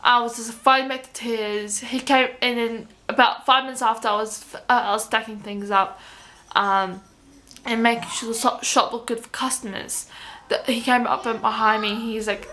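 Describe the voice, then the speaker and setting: A young woman with a somewhat high voice tells a personal story straight to camera. She rambles, restarts her sentences and acts out both sides of a conversation. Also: fairly even intonation, moderate pace, bright, forceful tone. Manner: rambling, with many restarts and quoted dialogue. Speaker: vlogger.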